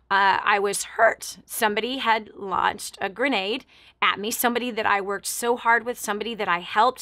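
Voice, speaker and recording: A woman's voice: medium pitch, pushed and bright, no echo. A woman hosting a talk show, telling a personal story with emphatic, repeated phrases and acting out what others said. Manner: acts out other people's words in her story. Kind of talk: motivational radio monologue.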